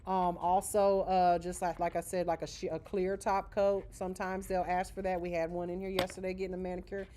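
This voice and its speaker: A woman's voice: lowish voice, flat delivery, a little fast, background noise. Chatty woman teaching a nail class. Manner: chatty, frequent "okay?" checks. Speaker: nail school instructor. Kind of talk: live class demonstration.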